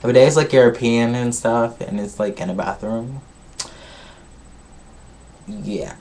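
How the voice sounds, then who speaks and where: A man chats through a reality show episode in a loose, gossipy way, swearing freely and skipping parts with filler. His voice sits at an ordinary middle pitch. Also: unhurried, darkish tone. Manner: gossipy, swears a lot, skips ahead with "blah, blah, blah". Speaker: vlogger reviewing a reality show. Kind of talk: casual recap.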